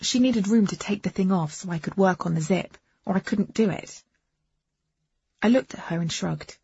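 A woman's voice: mid-range voice, moderate pace, darkish tone, slightly rough. A woman reading a first-person novel aloud with wry, understated delivery, on a dull, muffled recording. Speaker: audiobook narrator.

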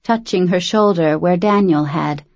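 A woman narrating a novel as an audiobook reader, with brisk, even, quietly tense delivery. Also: fairly low pitch, dry recording. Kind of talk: scripted narration. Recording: dry, slightly dull recording.

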